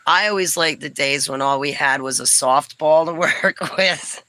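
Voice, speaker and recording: A middle-aged woman from New Jersey, telling stories in a chatty vlog, breaking into lively exclamations and laughs. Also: deep voice, normal speed, low-quality recording. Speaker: vlogger. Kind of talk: casual storytelling chat.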